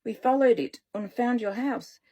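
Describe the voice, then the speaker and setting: A woman's voice: a little high, warm tone. A woman doing an earnest German-accented boy. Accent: put-on German. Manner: earnest, halting, apologetic. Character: young teen boy with a put-on German accent.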